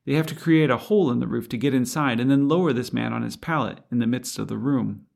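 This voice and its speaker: A man's voice: mid-range voice, fast, creaky, darkish tone. A man preaching a sermon in an earnest, reflective way, asking rhetorical questions.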